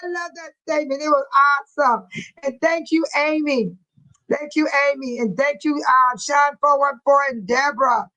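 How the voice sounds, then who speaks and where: A woman's voice: high-pitched, normal speed, bright, forceful tone, dull audio. A woman hosting a casual livestream, talking straight to her viewers and laughing often. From Texas. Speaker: livestream host.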